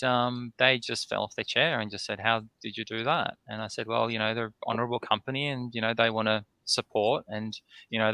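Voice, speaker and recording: A man with a gravelly, fried edge tells a long story as a podcast guest, his delivery pushed and forceful. He plays out both sides of remembered conversations. He keeps tagging his sentences with "right?". The sound is close and dry. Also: mid-range voice, dry recording. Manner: animated anecdote-telling, tags sentences with "right?". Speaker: distillery owner, podcast guest. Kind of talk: casual storytelling in a podcast interview.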